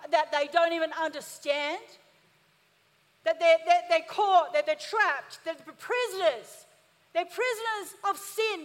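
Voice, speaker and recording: A woman pastor with a very high voice preaches with emphatic, rising energy, drawing responses from her listeners. Her voice rings out in a long church-hall reverb. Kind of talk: sermon.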